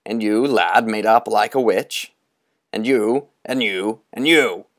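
Man plays tall bony old specter: booming, theatrical, slow and gravelly, relishes every word. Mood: mocking.

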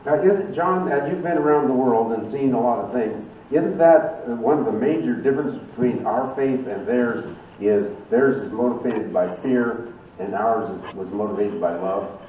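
A man in a church class puts hesitant questions to the teacher, with many restarts. His voice is of middle pitch. It comes from far off in a reverberant room, over a thin, phone-like mic. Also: moderate pace, slight background noise. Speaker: class member. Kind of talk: group discussion.

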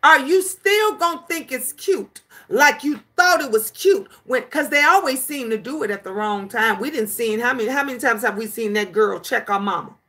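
A woman in her fifties hosts her own commentary talk, and her voice sits high with a bright, forceful edge. She is preachy and emphatic, scolding her listeners and acting out stories with lively energy. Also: moderate pace, few pauses. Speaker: commentary channel host. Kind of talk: casual commentary rant.

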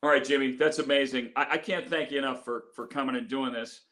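A male radio morning show host chatting with guests on a video call, joking and laughing quickly. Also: mid-range voice, fairly even intonation, a bit bright. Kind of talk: casual chat on a video call.

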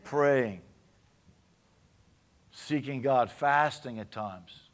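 A Cajun-accented male pastor delivers a sermon at a mid-range pitch. He talks to the congregation like a neighbor and keeps checking in with a quick "amen?". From Louisiana. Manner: conversational preaching, often asking the congregation for an amen.

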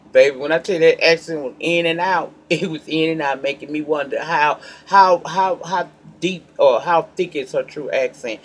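A man hosting a celebrity gossip vlog in a sassy, emphatic way, talking straight to his viewers and breaking into loud, pointed bursts between calmer asides. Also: fairly high pitch, moderate pace. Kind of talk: casual gossip commentary.

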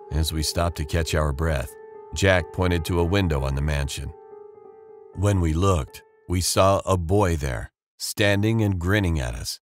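A man giving a steady, measured first-person narration of a scripted story. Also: deep voice. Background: faint background music.

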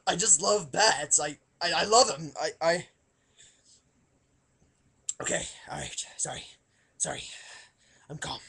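A man playing a nervous, emotional superhero in a comedic monologue, halting and stammering with a gravelly, crying voice. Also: on the high side, bright, forceful tone, heavily acted. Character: nervous, weepy adult male superhero on a dating video.

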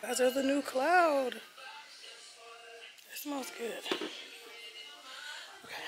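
Bubbly high-voiced young woman vlogger. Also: normal speed, pauses often, over music, rough recording. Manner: bubbly, chatty, talks to the camera. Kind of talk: casual vlog chat. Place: in a car, then a store.

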